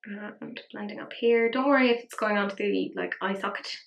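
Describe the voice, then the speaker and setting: A woman's voice: mid-range voice, moderate pace, gravelly, dull audio. A woman chatting casually through a makeup tutorial, rambling and poking fun at herself. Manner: chatty, self-mocking, rambling asides. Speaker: makeup vlogger. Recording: roomy echo.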